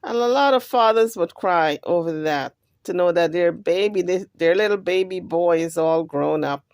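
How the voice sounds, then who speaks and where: A woman hosting a channel, giving casual commentary on a clip and thinking out loud. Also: lowish voice, normal speed, no room sound, clean studio sound. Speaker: channel host.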